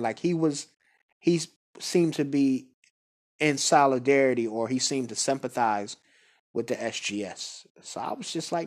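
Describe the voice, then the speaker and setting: A man's voice: medium pitch, normal speed. A man casually telling a personal story in a laid-back, conversational way. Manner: laid-back, conversational, with frequent fillers and asides. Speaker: guest speaker.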